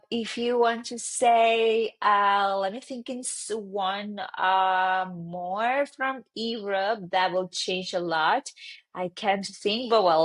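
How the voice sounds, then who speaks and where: A Spanish teacher from Argentina, a woman with an Argentine Spanish accent, giving an online lesson and repeating words slowly and clearly for learners. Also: medium pitch.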